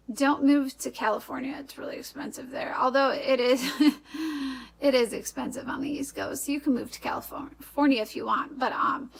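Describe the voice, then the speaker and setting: A woman's voice: high voice, vocal fry, a bit bright, low-quality recording. Giggly young woman with a Midwestern accent. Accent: Upper Midwest American. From Wisconsin, USA. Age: young adult. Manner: rambling, laughs often, self-correcting. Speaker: vlogger. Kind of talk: casual advice vlog.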